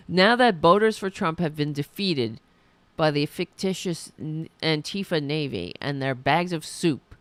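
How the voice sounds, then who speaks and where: A woman hosting a live political podcast, mocking what she watches and reading out viewer comments. She talks at an unhurried pace in a gravelly, bright voice, and her pitch jumps around a lot as she reacts. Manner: sarcastic, mocking, reads viewer comments aloud. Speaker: podcast host.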